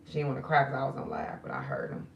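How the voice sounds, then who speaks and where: A woman's voice: rumbling low, big pitch swings, fast talker, vocal fry, muffled recording. A middle-aged woman talks loosely and directly to her viewers in a casual livestream chat. She is grieving and subdued. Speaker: spiritual reader streaming live.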